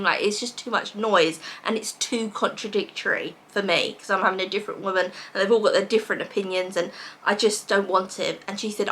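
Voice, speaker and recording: A young woman from England with a British accent, telling a personal story to camera in a lively way and acting out what others said. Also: medium pitch, a little fast, a little hiss or hum. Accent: British English. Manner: animated, quotes others in dialogue. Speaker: vlogger.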